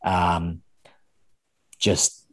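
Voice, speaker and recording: A man's voice: low-pitched, monotone, extremely slow, a bit bright. A man speaking candidly as a podcast guest, often restarting and repeating words, with casual swearing. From Australia. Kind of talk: candid interview conversation.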